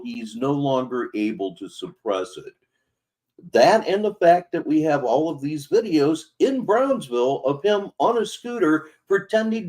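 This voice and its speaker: A man hosting a commentary show, mocking the clips in a sardonic, drawn-out way. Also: fairly high pitch, darkish tone. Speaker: commentary channel host.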